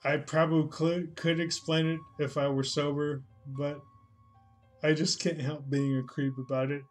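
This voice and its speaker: A man's voice: on the high side, little pitch movement, moderate pace, faint music behind. A man casually commenting on videos during a livestream, dry and sarcastic with mock-scared jokes. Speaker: livestreaming artist reacting to videos.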